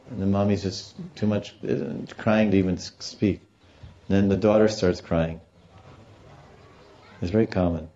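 A man's voice: low voice, fairly even intonation, unhurried, pauses often, mellow, muffled recording. A man giving a devotional scripture lecture. He tells stories and explains Sanskrit terms along the way. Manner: storytelling, explaining Sanskrit terms, acts out quotes. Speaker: religious teacher.

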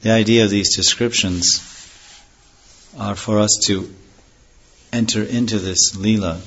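A man giving a devotional scripture lecture, slowly chanting verses and then explaining them earnestly, on a dull lo-fi recording. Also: deep voice, fairly bright tone, breathy edge. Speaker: spiritual teacher.

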